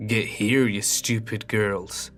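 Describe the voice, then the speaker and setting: A man doing a rough-voiced Irish creep. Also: mid-range voice, lively intonation, normal speed, faint music behind, lightly acted. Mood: angry. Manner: leering, then ranting and angry.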